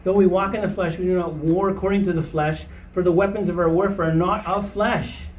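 A high-voiced man teaches scripture to a small group, emphatic and often asking "okay?". His tone is mellow and relaxed. He sounds set back from the mic in a roomy space with faint ambience. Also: fairly quick, distant mic, a little hiss or hum. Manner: emphatic, rising to preaching fervor, often asks "okay?". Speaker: Bible study leader. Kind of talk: informal Bible teaching.

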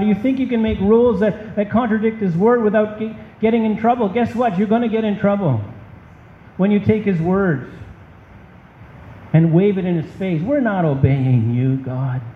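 A man's voice: high voice, moderate pace, slight background noise. A man preaching a sermon as a pastor, emphatic and impassioned. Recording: dull, echoey hall.

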